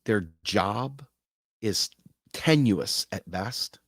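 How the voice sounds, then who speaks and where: Male host, low voice, earnest casual monologue, dry close sound. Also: lively intonation, very slow, fairly bright tone, no room sound. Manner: earnest, acts out quoted voices. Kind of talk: casual direct-to-camera talk.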